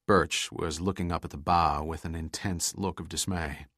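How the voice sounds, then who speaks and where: A man narrating an adventure audiobook in a measured, dramatic way. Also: low-pitched, steady tone, fairly bright tone, no room sound, clean studio sound. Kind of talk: scripted narration.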